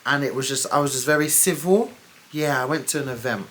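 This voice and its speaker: A woman's voice: a bass voice, a little fast, fairly bright tone, slight background noise. A young woman telling a personal story to camera in a blunt, candid way, swearing freely with exasperated asides. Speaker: storytime vlogger. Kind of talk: casual storytelling.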